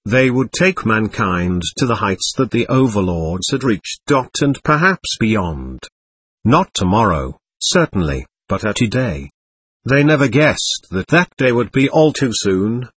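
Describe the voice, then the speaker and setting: A man narrating an audiobook in a measured, expressive storytelling manner, recorded on a close mic. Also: on the low side, husky, no echo. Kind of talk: scripted narration.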